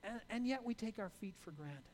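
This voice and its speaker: A man's voice: sits high, animated, fairly quick, a little hiss or hum. A man preaching a sermon in a conversational way, with rhetorical "right?" asides and stammered restarts.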